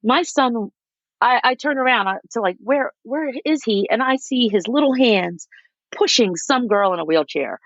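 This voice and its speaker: Gravelly-voiced woman telling animated stories. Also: a little high, moderate pace, no echo, muffled recording. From United States. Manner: animated, acts out quotes of others. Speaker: micro school founder, guest. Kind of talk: casual storytelling interview.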